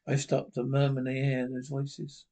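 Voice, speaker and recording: A man's voice: medium pitch, completely flat delivery, normal speed, warm tone, close to an everyday voice. An actor as a man driven mad by phantom voices. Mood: anguished. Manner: anguished, breathless, theatrical. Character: tormented male lecturer, haunted by voices. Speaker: narrating protagonist. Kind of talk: 1930s radio drama acting.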